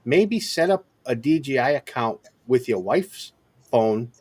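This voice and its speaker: A man's voice: medium pitch, animated, a little slow, darkish tone. A man hosting a live stream, chatting casually and thanking guests, calling them brother. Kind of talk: casual chat.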